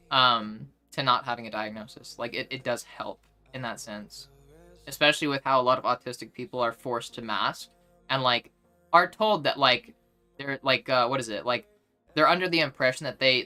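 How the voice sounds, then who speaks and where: A woman's voice: extremely low pitch, sharp tone. A young woman streamer chatting casually while gaming, ranting bluntly with lots of fillers. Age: young adult. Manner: blunt, exasperated ranting with frequent "like".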